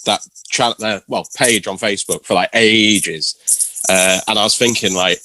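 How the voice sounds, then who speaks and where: A man's voice: lowish voice, steady tone, measured pace, pushed and bright, no echo, poor audio. A man who is a band member, telling a story in an easygoing way during a casual podcast chat.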